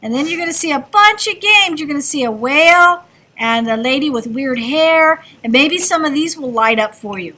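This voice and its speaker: A woman's voice: high voice, expressive, normal speed, bright, forceful tone. A woman teaching a kindergarten class, talking in an encouraging sing-song way to small children. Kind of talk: classroom instruction.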